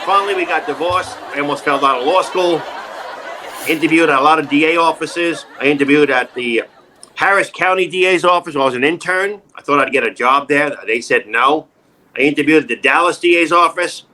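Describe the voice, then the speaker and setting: Middle-aged man, New York accent, wisecracking storyteller, bright and forceful, slightly high voice. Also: fairly quick, slight background noise. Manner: animated, wisecracking, jumps into quoted voices. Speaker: actor and comedian, interview guest. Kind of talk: casual interview, joking storytelling.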